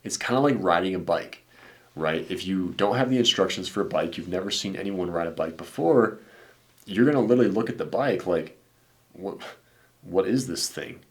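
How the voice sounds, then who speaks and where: Deep-voiced laid-back dating coach guy. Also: animated, a little fast. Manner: blunt and laid-back, says "dude" and "man" a lot, swears. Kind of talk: casual commentary reacting to viewer messages.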